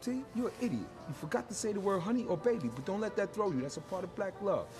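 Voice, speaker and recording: Brash crude comedy hustler; very high, bouncing delivery. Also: male voice, fast talker, music in the background. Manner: boastful, crude, loud and animated. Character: brash streetwise man coaching his friend on women. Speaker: film character. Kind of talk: comedy film acting.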